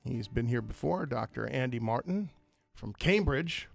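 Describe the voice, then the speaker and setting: Gravelly American radio host. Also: male voice, medium pitch, animated, unhurried. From United States. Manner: chatty, rambling, self-deprecating, with many restarts. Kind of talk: casual radio interview chat. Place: radio studio. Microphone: studio microphone.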